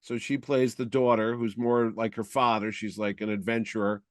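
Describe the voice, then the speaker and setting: Rambling, animated male podcast co-host. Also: fairly low pitch, moderate pace, no echo, clean studio sound. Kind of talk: casual chat.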